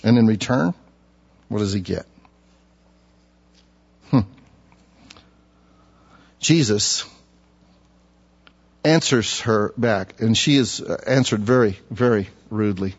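Husky male preacher, fairly high voice, emphatic rhetorical questions, lo-fi recording. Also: slow, pauses often. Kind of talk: expository sermon. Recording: dull lo-fi recording.

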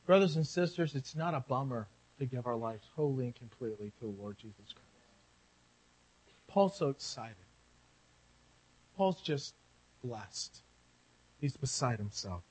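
A high-pitched male pastor delivers a sermon. He bursts into loud, fervent exclamations, then drops into hushed, earnest teaching. He laughs between his words at times. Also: moderate pace, long pauses, rough recording. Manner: animated, shouting exclamations then dropping to quiet earnest tones.

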